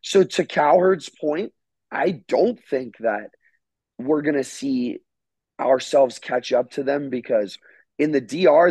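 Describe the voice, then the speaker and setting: Young man from florida, husky voice, dry close sound, slangy and swears a lot. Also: mid-range voice, darkish tone, no echo. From Florida, USA. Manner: slangy, swears, calls people bro and dude. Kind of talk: casual podcast chat.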